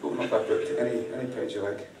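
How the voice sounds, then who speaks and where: A teasing male stage magician performs mind-reading patter live in a large indoor venue with an audience, speaking rapid-fire at a fairly low pitch with fairly even intonation. Playful, he directs volunteers over loud music; the recording is echoey, distant-miked, with faint noise.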